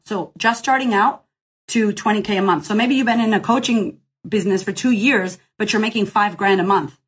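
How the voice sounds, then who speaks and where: A woman's voice: medium pitch, slightly rough. A woman business coach answering questions in a casual live Q&A, blunt, profane and emphatic, rallying the listener directly.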